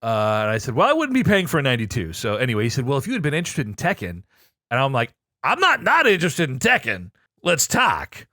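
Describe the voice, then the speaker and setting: Excitable animated male podcast host. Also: quick pace, dry recording, clean studio sound. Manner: excitable, profane, swings between low asides and loud outbursts. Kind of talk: animated casual storytelling.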